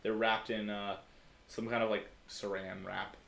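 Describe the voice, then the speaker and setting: A man leads a tabletop role-play as game master. His voice is bright and forceful, and he narrates loosely with many filler words. The sound is roomy and echoey. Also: fairly low pitch, level tone, measured pace, vocal fry.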